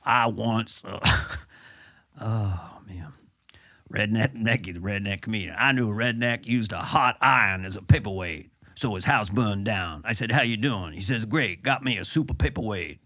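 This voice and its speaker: A man's voice: fairly low pitch, moderate pace, sharp tone, no room sound, pitched below the performer's own voice. A man voicing a dim-witted redneck stand-up comic who delivers corny punchlines with a stock catchphrase. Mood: hokey.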